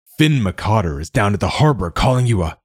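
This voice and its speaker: A man voicing an angry father who shouts through a door. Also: on the low side, very animated, moderate pace, breathy edge, no room sound, studio quality. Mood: furious. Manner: shouting and raging. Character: angry middle-aged father, bellowing.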